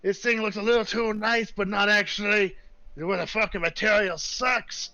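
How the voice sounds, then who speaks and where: A cursing grumpy dwarf smith. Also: male voice, sits high, fairly even intonation, moderate pace, dry recording, highs cut off, pitched above the performer's own voice. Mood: scornful. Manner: loud, gruff, cursing, shouting. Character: grumpy foul-mouthed old male dwarf blacksmith.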